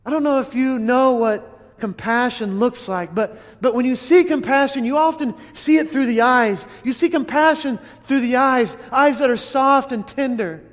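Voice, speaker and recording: A man's voice: very high-pitched, normal speed. A man preaching a dramatic sermon, telling it in first person as an eyewitness, earnest, with restarts and emphatic repeats. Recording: long hall reverb.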